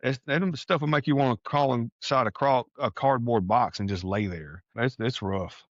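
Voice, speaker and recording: A man from Texas talks as a podcast guest, earnest and folksy, and acts out the conversations he recalls. His voice sits in a middle pitch. The sound is dry and somewhat dull, like a lo-fi recording. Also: moderate pace, dry recording. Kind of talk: casual storytelling conversation.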